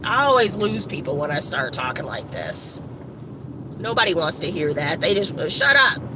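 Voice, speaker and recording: Woman from evanston rambling motivational stuff to her phone outside, slangy, cars going by loud. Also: sits low, normal speed. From Evanston, Illinois, USA. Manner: casual, animated, slangy, rambling asides. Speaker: motivational vlogger. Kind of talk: casual motivational talk to camera. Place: outdoors by a street with shops. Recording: outdoor traffic noise.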